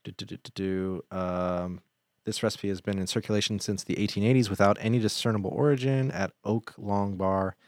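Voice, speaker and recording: A man with a fairly low voice co-hosts a loose, joking podcast chat. He rambles and riffs playfully. The sound is dry and close to the mic. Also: steady tone, a little fast, darkish tone, no room sound. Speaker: podcast co-host. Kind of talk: casual banter.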